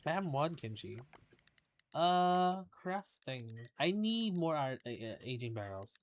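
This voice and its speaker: A man's voice: on the high side, very animated, unhurried. A man streaming a game, chatting casually in a rambling way and swearing now and then. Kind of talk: casual gameplay chat.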